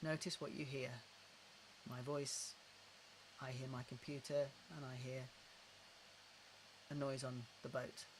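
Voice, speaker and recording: A middle-aged man calmly guiding a tapping and breathing exercise, slow and repetitive, recorded indoors at his desk. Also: mid-range voice, noisy background. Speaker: tapping practitioner. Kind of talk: guided tapping and breathing instruction.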